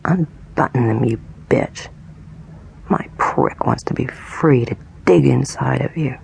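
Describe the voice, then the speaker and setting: A woman voicing a cruel, menacing male attacker in a whispered role-play, husky and breathy, taunting and commanding. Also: rumbling low, slow, a little mellow, full character voice, rough recording.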